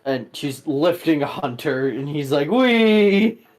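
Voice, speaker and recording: Stammering male game master. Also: mid-range voice. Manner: quick, stammering narration with excited put-on voices. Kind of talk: narrating a tabletop game.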